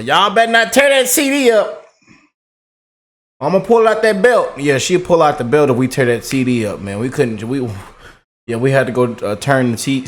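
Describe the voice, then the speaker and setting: Male vlogger, easygoing rambling delivery, middle pitch, sprinkles in "man" and "y'all". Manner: laid-back, drawling, repeats "man" and "y'all". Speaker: political commentary vlogger. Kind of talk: casual rambling commentary to viewers.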